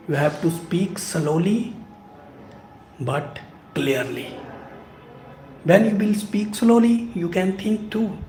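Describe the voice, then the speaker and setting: A man giving a live-stream lesson, talking slowly and deliberately to encourage learners. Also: fairly high pitch, dark tone. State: sweating from the heat. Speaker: English speaking teacher. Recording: echoey room with background noise.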